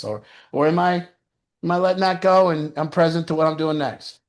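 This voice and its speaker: Brief: recovery mentor, male, lively and profane, higher-pitched casual talker. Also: moderate pace. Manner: animated, swearing, frequent "you know". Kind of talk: casual advice talk.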